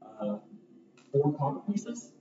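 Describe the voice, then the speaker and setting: A man narrating as game master of a tabletop game, animated and quick to slip into voices. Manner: animated, jumps into character voices. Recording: roomy, distant, dull, noisy.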